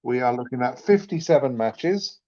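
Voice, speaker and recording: A man co-hosting a podcast in casual chat, relaxed and agreeable. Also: mid-range voice, normal speed, muffled recording. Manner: relaxed, agreeable, frequent short backchannels. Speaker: podcast co-host.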